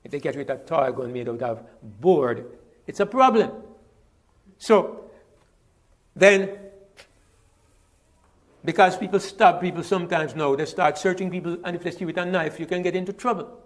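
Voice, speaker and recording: A man's voice: on the high side, normal speed, pauses often. A middle-aged man from Jamaica, talking in a conversational monologue, emphatic and repeating words as he builds a point. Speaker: interviewee.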